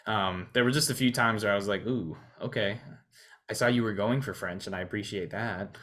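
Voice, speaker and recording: A man co-hosting a podcast, talking through a film in a casual way, pausing often with fillers and restarts. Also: on the low side, a bit bright. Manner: hesitant, many restarts and fillers. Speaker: podcast co-host.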